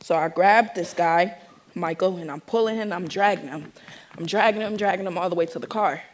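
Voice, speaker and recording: A young woman from the Bay Area telling an audience her own story in a lively, animated way, acting out the voices of the people in it. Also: lowish voice, brisk, a little hiss or hum. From San Francisco Bay Area. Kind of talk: personal storytelling talk to an audience.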